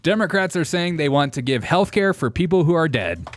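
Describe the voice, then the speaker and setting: A man from Georgia hosts a reaction commentary, mocking and laughing at news clips. His voice swings widely in pitch, and he keeps talking while out walking a mile. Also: expressive, brisk, slight background noise. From Georgia, USA. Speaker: host.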